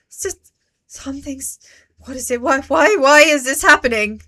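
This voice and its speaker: A woman streaming a mystery game, talking to herself and her viewers, jumpy and quick to swear when startled. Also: high voice, lively intonation, sharp tone. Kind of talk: live game commentary.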